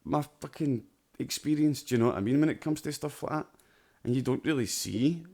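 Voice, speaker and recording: Scottish man, sweary casual chat, average-pitched voice, podcast co-host. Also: fairly quick, vocal fry, warm tone, a little hiss or hum. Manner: sweary, repeats "do you know what I mean".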